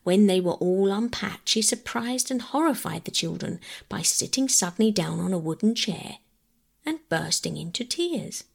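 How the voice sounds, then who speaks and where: A woman reading a classic children's novel aloud as a calm bedtime story, gentle and measured. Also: mid-range voice, vocal fry. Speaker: audiobook reader.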